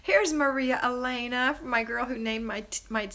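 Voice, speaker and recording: A woman hosting a homemaking live stream, reading viewer comments aloud and praising and encouraging her viewers. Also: normal speed. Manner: chatty, with pitch rising high in excitement. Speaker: homemaking livestream host.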